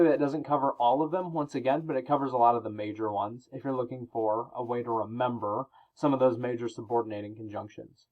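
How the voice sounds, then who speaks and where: A man teaches a recorded grammar lesson at an ordinary mid pitch. He explains patiently and casually, with fillers and small restarts. The sound is slightly muffled and lo-fi. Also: a little mellow. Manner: explanatory, with fillers and self-corrections.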